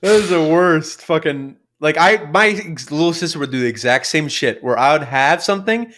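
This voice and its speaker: A young man co-hosting a podcast, telling animated, sweary stories about his family. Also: normal speed. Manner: animated, sweary, acts out family members in shrill voices. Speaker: podcast co-host. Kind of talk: casual chat.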